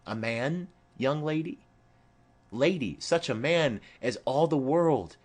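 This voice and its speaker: A man's voice: medium pitch, lively intonation, slow pace, pitched above the performer's own voice. A man reading a rambling old nurse. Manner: rambling, fond, earthy asides. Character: chatty old female nurse, rambling and doting. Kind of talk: audiobook play reading.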